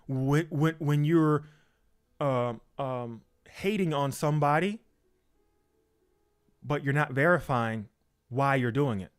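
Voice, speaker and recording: A man preaching in a slow, deliberate way, leaning hard on repeated words. His voice sits a little high for a man, and he mimics people's excuses in a lifted tone. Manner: emphatic, repeats lines, acts out quoted excuses in a higher voice. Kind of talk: informal sermon.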